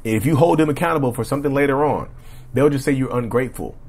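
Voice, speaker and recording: A man hosting a casual solo podcast, talking in a rambling, repetitive way with a slightly rough throat he keeps clearing, and often asking the listeners "right?". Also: medium pitch, very fast, a little mellow. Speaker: podcast host.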